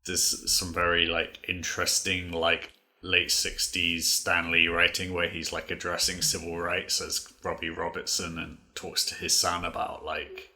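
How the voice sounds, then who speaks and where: A man's voice: low voice, completely flat delivery, unhurried, pushed and bright. A man co-hosting a podcast, recapping comics in rambling casual chat full of "like" fillers. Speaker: podcast co-host.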